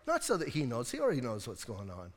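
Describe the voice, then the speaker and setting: A man preaching a sermon as pastor, telling the story in a lively, conversational way and often checking in with his congregation. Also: mid-range voice, fast. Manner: animated storytelling. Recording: long hall reverb from the church.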